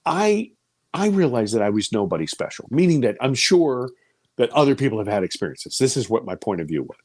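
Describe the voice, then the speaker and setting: A man in his fifties telling a personal story in an interview, with a pitch that leaps and falls as he talks. He swings from loud exclamations down to hushed near-whispers. The sound is dry and close, with no room echo. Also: big pitch swings, a little fast. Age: 50s.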